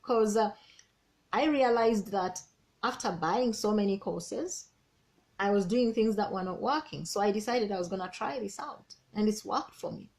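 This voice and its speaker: A woman, a business coach giving an energetic, persuasive team training talk and repeating key words. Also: mid-range voice, normal speed.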